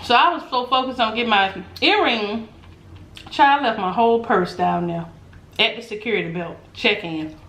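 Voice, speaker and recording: A woman vlogger telling a story in a casual chat, animated and laughing often, acting out what people said. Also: a little high, normal speed. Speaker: mukbang vlogger. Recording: roomy echo, faint background noise.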